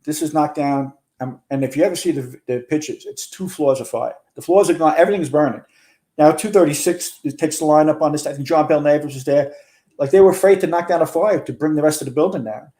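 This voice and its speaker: Older man with a mellow, warm voice. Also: on the high side, fast talker. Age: 60s. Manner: earnest storyteller, relives events in detail. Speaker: guest, retired fire chief. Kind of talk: recounting a firefight in a podcast interview.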